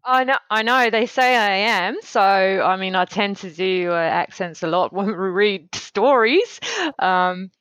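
A woman's voice: mid-range voice, measured pace, fairly bright tone, dry recording, muffled recording. A middle-aged woman co-hosting a casual chat, rambling and laughing often. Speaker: podcast co-host.

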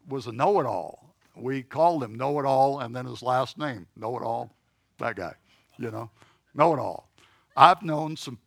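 A man's voice: medium pitch, creaky, a bit bright, no echo. Man teaching a Bible class, dry sound. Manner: conversational, checks in with listeners.

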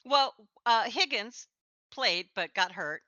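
Woman co-hosting a chat, animated and laughy, bright lively voice, kinda dull lo-fi sound. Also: on the high side, takes it slowly, dry recording. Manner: animated, laughing, sarcastic asides. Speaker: co-host. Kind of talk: casual chat.

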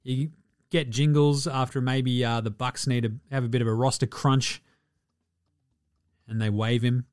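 A man's voice: mid-range voice, steady tone, unhurried, pauses often, darkish tone, clean tone, no room sound, studio quality. A man with an Australian accent hosting a casual sports podcast, rambling, joking and swearing freely. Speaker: podcast host.

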